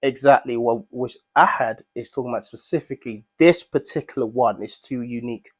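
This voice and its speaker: A man's voice: mid-range voice, fast talker, few pauses, slightly rough. Male teacher, mid-range voice, explains Arabic words to a class, checks for understanding often.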